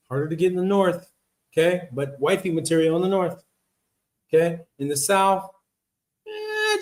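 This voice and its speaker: Slow-talking laid-back man hosting a live chat. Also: on the high side. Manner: slangy and laid-back, calls viewers bro; reads viewer comments aloud and answers them. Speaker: livestream host. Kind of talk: casual livestream Q&A chat.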